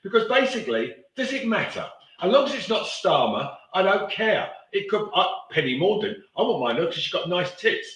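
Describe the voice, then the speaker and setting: A man's voice: high voice, sing-song, moderate pace, few pauses, fairly bright tone. A man telling stories in casual chat, ranting with coarse language. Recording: echoey room.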